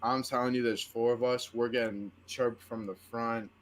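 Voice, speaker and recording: A man co-hosting a casual sports stream, telling excitable stories full of "like" and "yo" and acting out what people said. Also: mid-range voice, moderate pace. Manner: excitable storyteller, acts out quotes, lots of "like" and "yo". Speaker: co-host of a sports watch-party stream.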